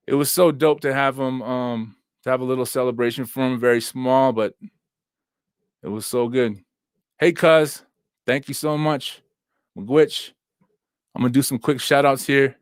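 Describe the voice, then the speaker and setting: A man's voice: mid-range voice, moderate pace, smooth, no room sound, studio quality. Laid-back, slangy young man hosting. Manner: laid-back, slangy, lots of fillers and shout-outs. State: recovering from injuries, sitting down. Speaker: host. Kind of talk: casual livestream chat. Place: at home, seated with laptop and phone.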